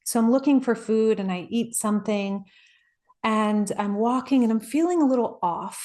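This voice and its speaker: A woman's voice: a little high, normal speed. Earnest woman coach, reflective talk. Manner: earnest and personal, with soft laughs. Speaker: life coach.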